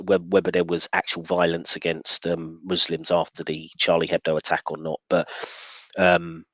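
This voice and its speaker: Deep-voiced hesitant man, dry sound. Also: a bit bright, no echo, rough recording. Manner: hesitant, many restarts and fillers. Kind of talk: casual discussion.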